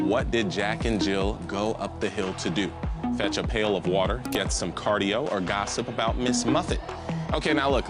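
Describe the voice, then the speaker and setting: A man hosting a live trivia game show, reading questions and cracking goofy jokes between them. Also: fairly low pitch. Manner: jokey, animated, goofy asides.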